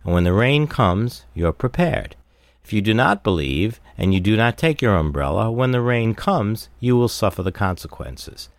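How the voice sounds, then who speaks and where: A man's voice: low-pitched, no echo. A man giving a recorded Bible study talk, explaining verses steadily and stressing key words. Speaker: Bible teacher.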